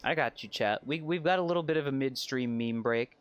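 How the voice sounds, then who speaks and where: A man's voice: medium pitch, fairly quick, clear, resonant tone, lo-fi sound. A man streaming a game and chatting casually, rambling and swearing as he restarts his phrases. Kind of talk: casual livestream chat.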